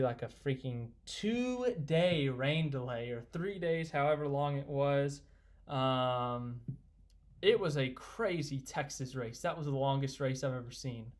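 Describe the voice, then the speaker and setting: Excitable young man hosting a live stream. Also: medium pitch. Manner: rambling, excitable, reads viewer comments aloud. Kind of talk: casual live stream chat.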